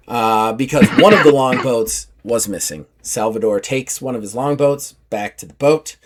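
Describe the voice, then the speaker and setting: Man, mid pitch, game master, animated casual narration, lots of fillers. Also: measured pace. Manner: vivid, animated storytelling with filler "like".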